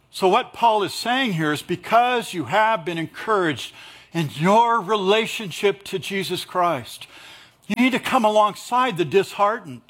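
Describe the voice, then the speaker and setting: Husky male pastor preaching conversationally. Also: high voice, fairly bright tone. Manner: conversational preaching with jokes and acted asides. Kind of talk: sermon.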